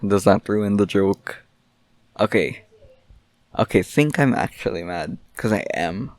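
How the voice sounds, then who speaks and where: A man's voice: lowish voice, lively intonation, unhurried, no room sound. A young man hosting his own podcast, rambling through a mock-angry, joking rant. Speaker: podcast host. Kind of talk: solo casual podcast rant.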